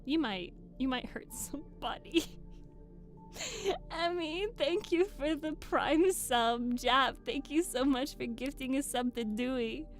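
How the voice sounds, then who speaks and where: A woman's voice: high voice, slow, faint music behind. A young woman chatting and joking casually with her live-stream viewers at the microphone. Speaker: streamer and audiobook reader.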